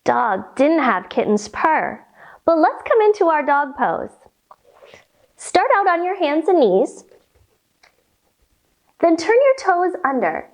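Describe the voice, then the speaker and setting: Guiding poses while reading a picture book, a woman runs a yoga storytime for children. She talks slowly and softly, giving them time to keep up, her high, playful and instructive voice making big swings in pitch.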